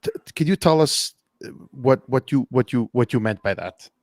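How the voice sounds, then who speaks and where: A man co-hosting a casual podcast, telling stories in an animated way, repeating words and laughing often. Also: medium pitch, moderate pace, dry recording. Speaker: podcast co-host. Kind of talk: casual podcast chat, storytelling. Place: Montreal.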